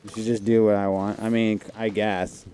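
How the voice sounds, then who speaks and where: A man chatting casually and slangily while playing a video game, thinking out loud. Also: on the low side, flat delivery, normal speed. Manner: chatty, slangy, says dude and like a lot. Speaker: gamer playing on stream. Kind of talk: casual gameplay commentary. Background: faint game music.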